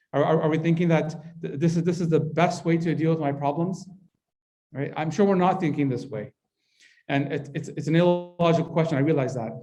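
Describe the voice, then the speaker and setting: Mellow-voiced male parenting workshop leader. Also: on the high side, muffled recording. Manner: conversational, keeps asking the audience "right?". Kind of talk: interactive workshop talk. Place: mosque hall, indoors.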